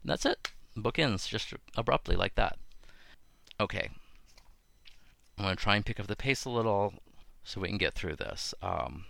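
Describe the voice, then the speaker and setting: A man's voice: lowish voice, expressive, normal speed, creaky, pauses often, bright, forceful tone, dry recording. A man hosting a podcast, talking casually about biblical stories, thinking aloud with many fillers and restarts. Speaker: podcast host. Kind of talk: casual talk on biblical texts.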